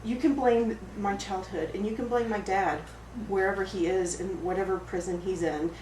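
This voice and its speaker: An actress playing an oversensitive, apologetic woman at a support group, rambling through an improvised monologue in a rough, emotionally raw way. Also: mid-range voice, steady tone, normal speed, a little mellow, lightly acted. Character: oversensitive, apologetic woman pouring out her woes. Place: roomy studio space. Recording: echoey room, far mic, background noise.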